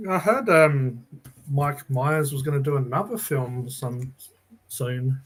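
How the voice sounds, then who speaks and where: A man's voice: medium pitch, expressive, slow pace, a little hiss or hum. A man with an English accent hosting a casual livestream chat, laid-back and joking. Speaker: host.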